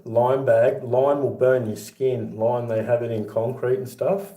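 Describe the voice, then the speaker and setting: A middle-aged man with an Australian accent and a mid-pitched voice, spinning chatty yarns and laughing as he goes. He sounds like he's in an echoey room at home. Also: steady tone, measured pace, warm tone. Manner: chatty, laughs through his own yarns. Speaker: livestream host. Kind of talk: casual storytelling livestream. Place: home with boxed-up rooms.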